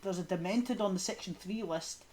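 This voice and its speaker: With a mellow, mid-range voice at a moderate pace, a woman co-hosts a podcast, chatting casually and rambling about horror films, full of fillers and trailing laughs. Slight background noise is present.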